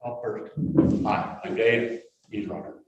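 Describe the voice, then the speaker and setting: A man's voice: on the low side, steady tone, takes it slowly, muffled recording. A man, an author about to give a reading, speaking hesitantly before he starts. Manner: hesitant and soft-spoken, with fillers. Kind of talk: casual remarks before a reading. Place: arts center event room. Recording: echoey room, distant mic, noisy.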